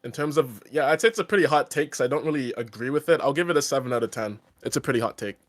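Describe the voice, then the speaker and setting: A man speaking as a guest in a casual podcast chat, hesitant and measured as he weighs his opinion. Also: mid-range voice, lively intonation.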